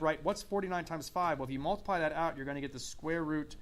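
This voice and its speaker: A man's voice: fairly high pitch, fast, hardly any pauses. A man teaching a math lesson in a classroom, asking students questions and repeating their answers. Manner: coughs and clears throat now and then. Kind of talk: classroom lecture.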